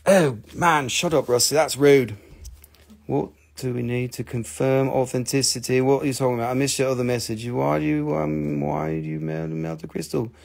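A man of medium pitch speaks at a moderate pace with a creaky quality. On his live crystal sales stream he rambles and jokes in a laid-back way, cursing without restraint and teasing himself along the way.

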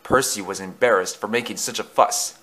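A man reading a storybook aloud with expressive, dramatic narration. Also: on the low side, fairly quick.

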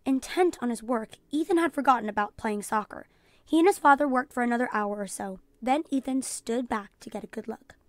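A woman teacher reading a children's storybook aloud in a calm storytelling voice, announcing page numbers. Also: on the high side, a little fast, dry recording. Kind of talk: children's read-aloud narration.

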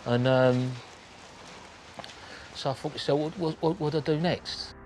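A man's voice: a little high, steady tone, background noise. A man bluntly recounting his own story in casual talk, swearing often and acting out what people said. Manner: blunt, swearing, acts out scenes with quick quoted voices. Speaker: interviewee recounting his crimes.

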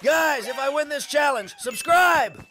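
A man hosting a reaction video, calling out excitedly at clips and pleading with viewers to subscribe. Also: very high voice, measured pace, over music. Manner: exclamatory, keeps begging viewers to subscribe.

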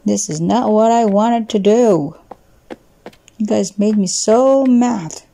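A woman's voice: medium pitch, takes it slowly, gravelly, dark tone. Woman voicing a fed-up young hospital intern. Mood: annoyed. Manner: indignant complaining. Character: frustrated young male intern who wants doctoring.

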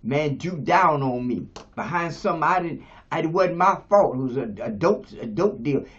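Man in his seventies, pastor, preaching sermon, slightly high voice, dull radio sound. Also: expressive, normal speed. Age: 70s. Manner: preaching, swings from low to shouting.

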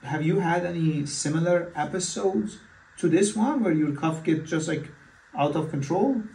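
Man, physician, mock consultation, hesitant with fillers, slightly high voice, roomy echo. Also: moderate pace, creaky, dark tone, a little hiss or hum. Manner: hesitant, many fillers and restarts. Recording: echoey room, far from mic.

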